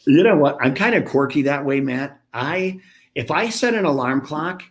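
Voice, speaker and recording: A gym franchise founder in his fifties, guesting on a casual podcast interview, tells blunt, chatty, self-deprecating stories. His voice is fairly high and expressive, at a normal speed.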